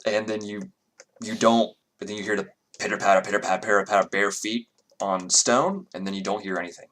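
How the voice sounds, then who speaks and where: A man with a somewhat low voice runs a tabletop game as game master. He talks in a loose, chatty way and walks the players through rolls and movement. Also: fairly even intonation, fairly quick, a little hiss or hum. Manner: loose and chatty, counting squares out loud.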